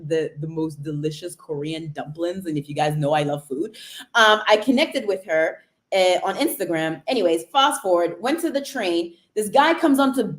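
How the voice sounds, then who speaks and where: A woman from Cambridge, England chatting on a motivational live stream and greeting viewers by name as she talks. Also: medium pitch.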